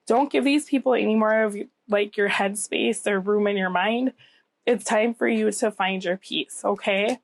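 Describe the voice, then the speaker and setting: A woman's voice: on the high side, fairly even intonation, moderate pace. A woman giving a casual tarot reading to camera, a bit scratchy and nasal from a cold she is getting over, reassuring and often checking in with "okay?". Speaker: tarot reader.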